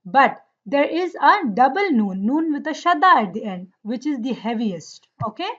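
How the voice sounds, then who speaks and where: A woman's voice: high-pitched, very animated, normal speed, a bit bright, highs cut off. A woman teaching Arabic grammar in an online class, explaining patiently and often checking that her students follow.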